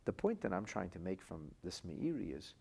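A man giving a podcast Torah lecture, an expressive storyteller who moves from quiet to loud and weaves in Hebrew and Aramaic phrases. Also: low voice, moderate pace, vocal fry, slightly rough. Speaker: Torah teacher.

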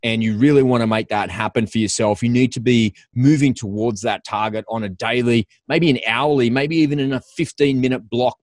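A man's voice: mid-range voice, fairly even intonation, a little fast, few pauses, no room sound. An Australian man hosting a podcast interview over a video call, upbeat and chatty. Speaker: podcast host.

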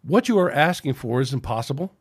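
A man's voice: medium pitch, lively intonation, brisk, husky, no room sound, studio quality. A man reading aloud and voicing a stern male starship captain who speaks firmly and formally. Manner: firm, formal and reasoning.

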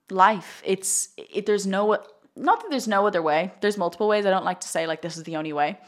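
A young woman, a spiritual coach talking casually on a live stream in an effusive, chatty way, full of fillers. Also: mid-range voice. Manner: chatty and effusive, heavy use of "like", frequent laughter. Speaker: spiritual coach and card reader.

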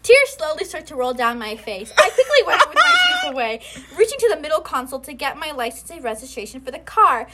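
Giggly high-voiced young woman reading aloud. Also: sing-song, quick pace, few pauses, pushed and bright. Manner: giggly, breaks into laughter while reading. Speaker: host reading her old writing. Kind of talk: comedic dramatic reading with laughter.

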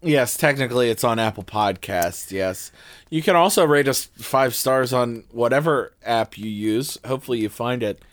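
A man's voice: medium pitch, normal speed, no room sound. A man co-hosting a comedy podcast with exasperated, profane banter. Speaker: podcast co-host.

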